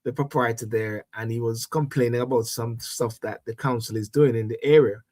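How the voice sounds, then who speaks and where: Man, show host, casual political talk, lively, stumbles over first words, mid-range voice. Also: medium pitch, fairly quick. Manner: animated, repeats words when starting a thought.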